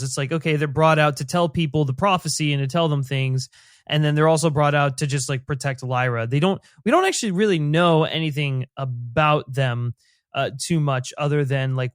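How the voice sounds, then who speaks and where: A man with a fairly high voice talks through a TV episode in relaxed podcast chat. He rambles and hedges, leaning on "like" and "sort of". The mic is close and dry, with no room sound. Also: dry recording. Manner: rambling, many "like" fillers, thoughtful hedging. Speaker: podcast co-host. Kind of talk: casual TV recap chat.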